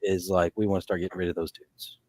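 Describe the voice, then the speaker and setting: Male podcast co-host, deep-ish voice, loose rambling delivery, dry recording. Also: level tone, fast talker, darkish tone, no room sound. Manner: rambling, full of restarts and fillers. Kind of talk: casual fantasy sports chat.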